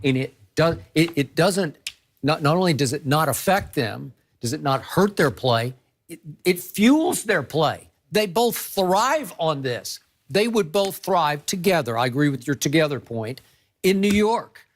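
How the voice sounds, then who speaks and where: A man's voice: fairly high pitch, big pitch swings, measured pace. A man hosting a studio sports debate, emphatic and opinionated, often stumbling and restarting his sentences.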